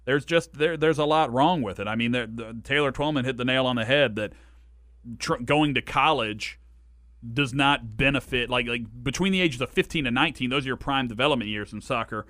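A man's voice: medium pitch, a little fast, bright, forceful tone, dry recording, clean studio sound. Opinionated man on a sports podcast. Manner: talks at length, many restarts, opinionated. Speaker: co-host. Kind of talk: casual sports podcast chat.

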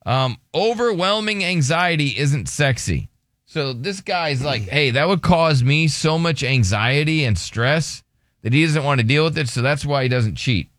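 A man's voice: on the high side, animated, unhurried, fairly bright tone, no echo, studio quality. A man hosting a morning radio show, casually teasing his co-host and reading out listener answers. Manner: joking, teasing, prompts co-host with questions. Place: radio studio.

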